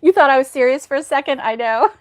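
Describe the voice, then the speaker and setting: A woman's voice: high voice, fast talker, dry recording. A woman hosting a casual crochet livestream, telling corny jokes, laughing at her own puns and reading out viewer comments.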